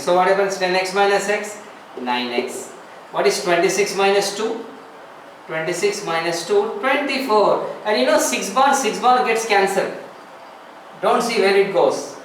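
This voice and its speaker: A man's voice: high voice, fairly bright tone. A man teaching a classroom math lesson, explaining step by step, repeating phrases and asking rhetorical questions. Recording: echoey room, far from the mic, faint noise.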